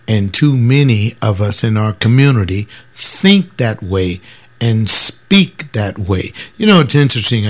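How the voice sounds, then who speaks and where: An older man and former soldier, talking in a casual, emphatic monologue and now and then mimicking other people's voices. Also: fairly low pitch. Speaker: former soldier sharing views.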